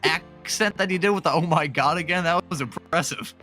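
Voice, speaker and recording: Here the sim racing lead commentator has a fairly high, bright, forceful voice and talks briskly. He stays chatty and upbeat, joking between calls, with a faint music bed in the background.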